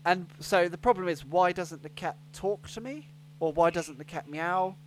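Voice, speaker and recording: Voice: mid-range voice, moderate pace, a little hiss or hum. A podcast host, playful and teasing, tripping over words while chatting. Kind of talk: casual comedy podcast chat.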